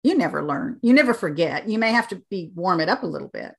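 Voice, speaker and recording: An American woman working as an accent coach, explaining things clearly as an interview guest and turning animated when she tells stories. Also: on the low side, fast talker. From United States.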